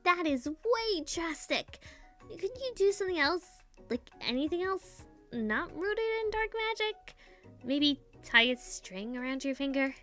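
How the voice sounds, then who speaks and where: A woman voicing an anxious, excitable young school friend in a high, fretful way. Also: a little slow. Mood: alarmed. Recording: faint music behind.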